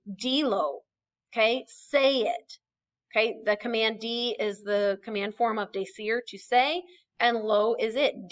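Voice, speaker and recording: A woman's voice: a little high, fairly bright tone. A young woman teaching a recorded lesson, explaining patiently step by step and checking in with frequent "okay"s. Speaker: Spanish teacher.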